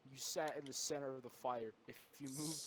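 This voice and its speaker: A man joking in a casual livestream chat over a voice call, with deadpan dark humor. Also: mid-range voice, a little fast, a little hiss or hum. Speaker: stream co-host.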